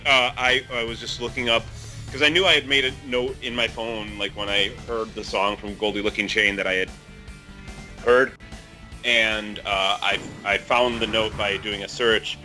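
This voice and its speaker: Rambling man with a low bright voice. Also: little pitch movement, normal speed, faint music behind. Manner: rambling, apologetic, chatty. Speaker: commentary participant. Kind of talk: casual group commentary.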